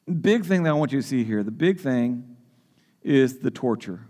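A man's voice: medium pitch, animated, moderate pace, dark tone. A man preaching a sermon as pastor, often repeating and restarting words as he explains a passage. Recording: long hall reverb.

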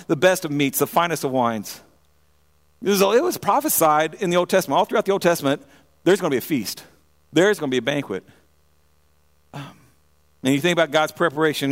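A man preaching a sermon in a church, often repeating words and restarting, moving between quiet and emphatic passages. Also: a little high. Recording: long reverb of a hall.

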